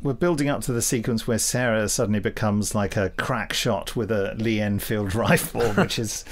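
A man's voice: on the low side, steady tone, moderate pace, a little hiss or hum. A man co-hosting a casual commentary podcast, joking and playful as he talks over an episode. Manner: jokey, playful, drops into silly voices. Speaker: podcast co-host.

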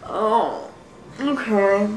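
A woman's voice: mid-range voice, expressive, very slow, reverberant, a little hiss or hum, low-quality recording. A young woman rambling through a casual vlog, apologizing often and putting herself down. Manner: rambling, apologetic, self-deprecating. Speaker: vlogger. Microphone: built-in computer mic.

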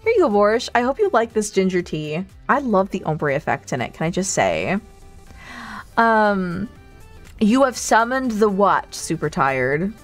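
A woman's voice: mid-range voice, very animated, unhurried, faint music behind. A woman hosting a playful cafe role-play stream, giggling often and talking sweetly to her viewers. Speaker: streamer host.

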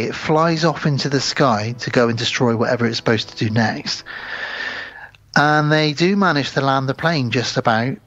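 A man's voice: mid-range voice, fairly bright tone, no room sound, lo-fi sound. A man co-hosting a podcast, retelling a film's plot in casual chat and acting out the characters' lines. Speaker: podcast co-host. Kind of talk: casual film recap chat.

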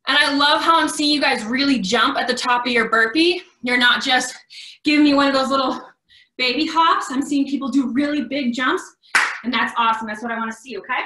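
A young fitness coach runs a live online workout class, her voice picked up far from the mic in an echoey room. She speaks a little fast in a high, pushed, bright tone. Her instructions stay encouraging and upbeat, though she's a bit winded.

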